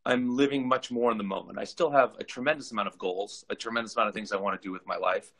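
On poor audio, a Southern Californian man in his forties is interviewed casually over video as a guest. He talks fast and earnestly in a lowish, pushed, bright voice, frequently repeating himself while recounting his story.

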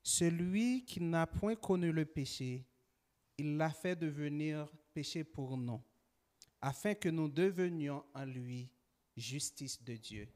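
A man's voice: a little high, a little slow, darkish tone. A man reading a scripture passage aloud in a church service. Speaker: scripture reader.

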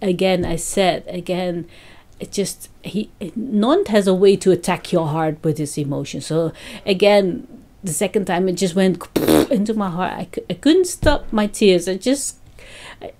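A woman's voice: lowish voice, a little slow, dark tone. A woman vlogger chatting casually to her fans, laughing often as she tells a story. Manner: laughs often, breaks off and restarts.

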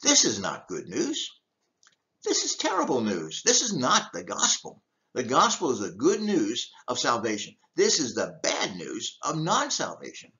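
A man's voice: medium pitch, huge pitch swings, measured pace, pushed and bright, muffled recording. An older man, a deacon, giving an emphatic teaching talk with rhetorical questions. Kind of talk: teaching talk on church history.

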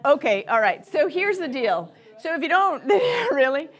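A woman's voice: high-pitched, normal speed. Chatty woman leading a spiritual workshop. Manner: chatty, rambling, with many fillers and self-interruptions; laughs often, lively when she acts out quotes. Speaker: lecturer on empaths. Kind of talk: informal spiritual workshop talk. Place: room with a live audience.

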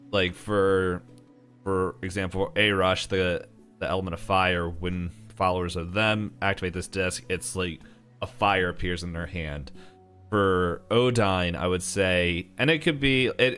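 Low-voiced male game master explaining. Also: unhurried, fairly bright tone, smooth, faint music behind. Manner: loose, explaining with many fillers. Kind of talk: narrating a tabletop game.

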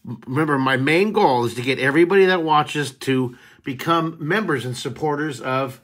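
A man's voice: a little high, normal speed, a bit bright. A man hosting a live drawing lesson, chatting cheerfully with viewers and answering their comments as he sketches. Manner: chatty and upbeat, talking to viewers while sketching. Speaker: drawing teacher and show host.

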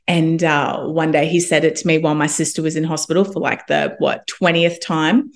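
A young woman, a homeopath guest, telling a personal story in a casual, animated way and acting out what others said. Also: deep voice, brisk, hardly any pauses. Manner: animated, quotes others in lively asides.

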